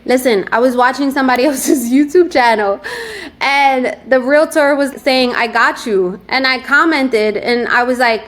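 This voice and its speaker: A woman from New York with a New York accent and a fairly high voice, chatting as an interview guest. She tells stories in a lively, animated way and slips into playful voices when she quotes people. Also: normal speed. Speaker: guest, real estate agent. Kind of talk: casual interview chat.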